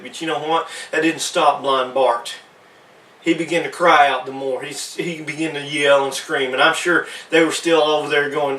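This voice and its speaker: A man's voice: a little high, steady tone, normal speed, a bit bright, echoey room, far from the mic, low-quality recording. A man preaching a sermon as pastor, emphatic and full of restarts.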